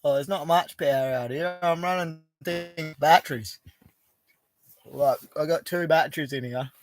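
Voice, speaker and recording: Here the middle-aged Australian host, from Western Australia, chats casually on a live stream out at an outback bush camp, plainspoken, easygoing and quick to swear. The pitch sits fairly high, the pace is a touch slow, and the voice is gravelly, with no room sound.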